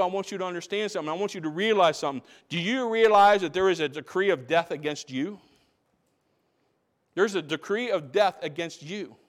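Male pastor, emphatic repetitive sermon delivery, somewhat high voice. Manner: emphatic preaching, repeats phrases for stress. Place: church.

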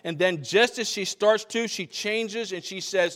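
At normal speed and in a slightly high, somewhat bright voice, a male pastor gives a conversational sermon. He restarts his phrases and directs questions at the congregation, and the sanctuary's long hall reverb colors the sound.

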